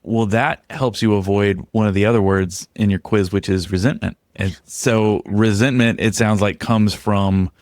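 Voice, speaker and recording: A man hosting an interview podcast, measured and reflective, summing up his guest's points. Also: on the low side, fairly even intonation, a little mellow, no echo, clean studio sound. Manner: measured and reflective, short murmured backchannels. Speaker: podcast host.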